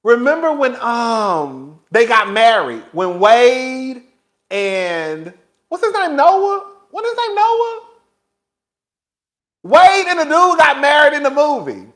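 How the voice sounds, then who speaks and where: A man with a notably high voice spins a casual story for his vlog audience. He talks in an animated, dramatic way and laughs often. He keeps addressing his listeners as girl. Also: takes it slowly. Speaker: vlogger.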